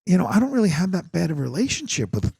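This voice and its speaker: Middle-aged guy on a podcast, gravelly voice, pitch all over the place, cussing as he tells it. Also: very fast. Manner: animated, acts out quotes, swears freely. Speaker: podcast host. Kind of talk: casual storytelling chat.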